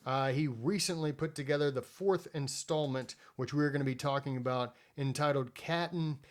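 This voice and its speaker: A man's voice: mid-range voice, moderate pace. A man hosting a casual history podcast, joking and rambling as he introduces a guest. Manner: joking, rambling, self-mocking. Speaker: podcast host.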